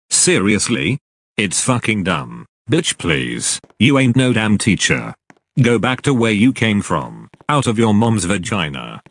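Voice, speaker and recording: Angry, profane storytime narrator; lower male voice.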